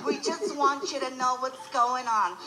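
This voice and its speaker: A comedian voicing a perky young female casting director with a high chirpy put-on voice. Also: a little slow, sharp tone, slight background noise, full character voice. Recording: echoey hall with crowd laughter.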